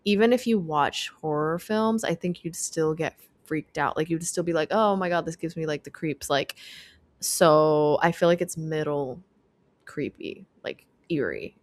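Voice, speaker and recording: On a podcast, a young woman co-host chats casually in a low voice, speaking a little slowly. She thinks aloud and keeps restarting her sentences.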